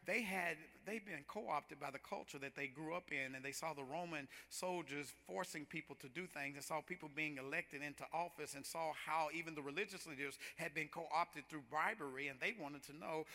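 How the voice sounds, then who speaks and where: Pastor, male, high and very bright voice, rhythmic sermon delivery with repetitions. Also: normal speed, few pauses. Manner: preaching with rising, rhythmic intensity and repetitions. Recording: long hall reverb.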